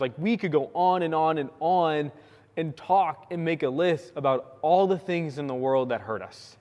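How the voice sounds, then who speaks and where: Young guy preaching, kinda high voice, tells stories all animated, lots of reverb. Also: normal speed. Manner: animated storytelling, acting out quotes, many likes. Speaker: pastor. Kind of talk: sermon with personal story. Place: church sanctuary. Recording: long hall reverb.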